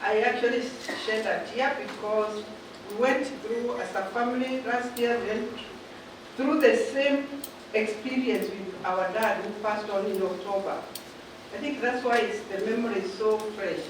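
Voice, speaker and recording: A woman from Kenya, an audience member, telling a personal story in a hesitant, heartfelt way. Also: on the high side. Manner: hesitant, heartfelt, halting restarts. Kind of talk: spontaneous personal sharing. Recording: echoey hall, distant, background noise.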